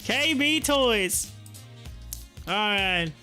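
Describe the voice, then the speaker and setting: High, bright-voiced live-stream host. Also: male voice, very slow, soft background music. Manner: animated, laughs often, repeats phrases. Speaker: live stream host reading viewer chat. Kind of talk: casual live-stream chat.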